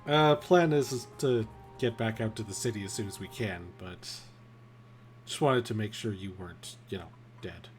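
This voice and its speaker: A man playing in a tabletop game, speaking in character in a relaxed, hesitant way. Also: on the low side, normal speed, faint music behind. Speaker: player. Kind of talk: casual in-character play.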